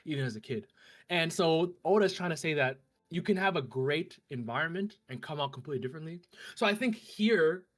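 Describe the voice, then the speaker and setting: A man co-hosting a podcast in a loose, casual fan discussion, talking fast with lots of fillers. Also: mid-range voice, fairly bright tone. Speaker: podcast co-host.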